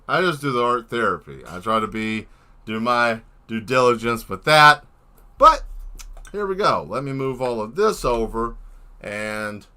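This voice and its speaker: An artist hosts a live stream in a mid-range voice, showing his artwork while chatting casually and playfully. He tends to ramble, breaking into bursts of excitement.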